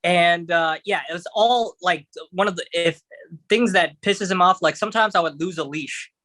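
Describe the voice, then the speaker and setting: A man's voice: sits high, moderate pace, sharp tone, dry recording. A man talking as a podcast guest, telling a story casually with many fillers and restarts. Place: podcast studio.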